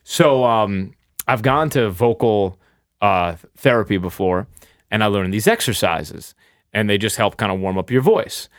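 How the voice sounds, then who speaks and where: A man's voice: fairly low pitch, lively intonation, unhurried, dry recording, clean studio sound. A young man who does sports play-by-play, chatting on a podcast in a rambling, self-deprecating way. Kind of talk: casual podcast chat.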